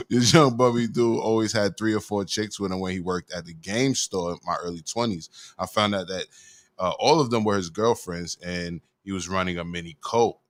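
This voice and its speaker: A man's voice: deep voice, normal speed. A male host in a casual chat show, talking in laid-back slang and reading viewer comments aloud.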